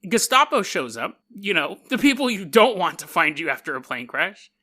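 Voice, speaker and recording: A man hosting a podcast, telling stories in a casual, joking way, laughing often and putting on quick voices for the people in them. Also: high-pitched, sing-song, sharp tone. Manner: laughs often mid-sentence. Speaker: podcast host. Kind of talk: casual storytelling monologue.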